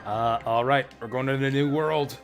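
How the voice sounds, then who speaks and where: A man's voice: medium pitch, steady tone, moderate pace. A man streaming an old role-playing game, chatting casually and reading the game's text aloud with his own asides. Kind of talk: casual let's-play commentary. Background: faint game music.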